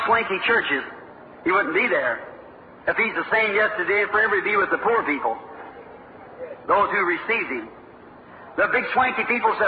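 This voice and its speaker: Forties male revival preacher, fervent and high-pitched, old tinny recording in an echoing room. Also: a little hiss or hum. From American South-Midwest. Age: 40s. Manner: fervent storytelling, voices the people in his stories. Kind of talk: revival sermon. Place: church meeting hall.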